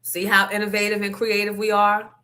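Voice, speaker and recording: Brief: woman host, casual chat, bright and forceful tone, candid and salty. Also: mid-range voice, monotone, a little fast. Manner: candid, profane storytelling with asides to the audience.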